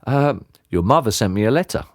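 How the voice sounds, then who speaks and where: A man's voice: fairly low pitch, expressive, fairly quick, no room sound, clean studio sound. A man doing a cheeky matey dad. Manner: matey, affectionate, calls everyone mate. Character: scruffy cheeky working-class dad, fond and scheming.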